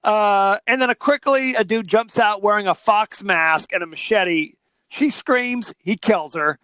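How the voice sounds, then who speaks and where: A man co-hosting a podcast, recapping a movie plot in a joking, animated way. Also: sits high, measured pace, no echo. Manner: animated, jokey, recaps the plot with quoted asides. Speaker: podcast co-host. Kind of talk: casual movie-review chat.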